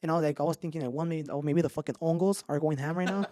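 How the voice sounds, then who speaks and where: Brief: animated male podcaster, quick high voice, swears freely. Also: no room sound, studio quality. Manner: animated, swears a lot, mixes in Spanish slang. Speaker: podcast host. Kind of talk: casual storytelling chat.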